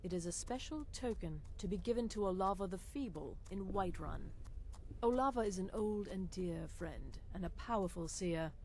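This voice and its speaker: An actress playing a poised, calm female assassin handler in a game, giving orders in a measured, formal manner. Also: medium pitch, a little hiss or hum, close to an everyday voice.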